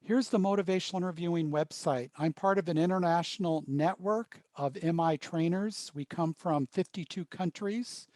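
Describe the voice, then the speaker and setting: A man leading a workshop, telling stories in short, paused phrases. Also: fairly high pitch, darkish tone, dry recording. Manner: storytelling, pausing in short phrases. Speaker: workshop trainer. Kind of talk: workshop presentation.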